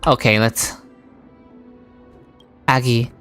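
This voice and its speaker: A woman's voice: rumbling low, unhurried, pauses often, dry recording, faint music behind. A woman streaming a story game, reacting emotionally and swearing as she comments. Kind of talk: casual gameplay commentary.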